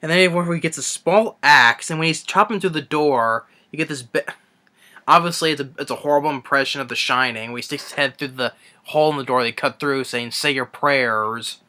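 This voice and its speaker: A man with a bright, sharp-edged voice rants through a film review, audibly exasperated and scornful. He rambles off the cuff, stopping and restarting his sentences, filling the gaps with "you know" and "I mean". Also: a little high. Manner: rambling, halting, frequent restarts and fillers. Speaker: movie reviewer. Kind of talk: unscripted ranting film review.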